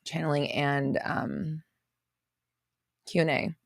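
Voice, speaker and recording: A woman's voice: deep voice, little pitch movement, takes it slowly, gravelly, dry recording, clean studio sound. A woman hosting a casual livestream, greeting viewers by name and reading out their comments in a chatty way. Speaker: livestream host.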